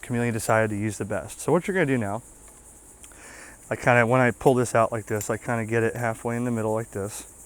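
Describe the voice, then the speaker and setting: A man with a medium-pitched voice demonstrates an antenna setup on his ham radio channel, folksy and casual, frequently asking "okay?". Slight background noise is present.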